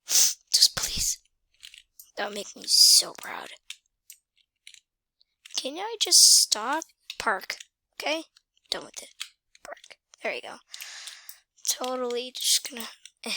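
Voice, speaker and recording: A woman's voice: sits high, lively intonation, slow pace, pauses often, sharp tone, no echo. A woman casually talking through a driving game, muttering, whispering and exclaiming to herself. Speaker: gamer playing a driving game. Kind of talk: casual gameplay commentary.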